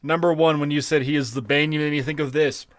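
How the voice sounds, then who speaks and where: A man co-hosting a podcast, chatting casually about a cartoon, animated and profane with frequent laughs. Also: on the high side, quick pace, no room sound, studio quality. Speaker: podcast co-host. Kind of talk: casual chat reviewing a cartoon episode.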